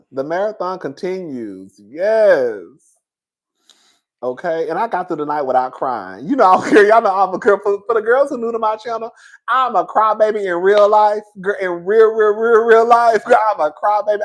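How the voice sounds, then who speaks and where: A high-voiced man, a YouTube commentator, hosts a casual live chat with his viewers. He's animated and profane, laughs often, and addresses listeners as girl and honey.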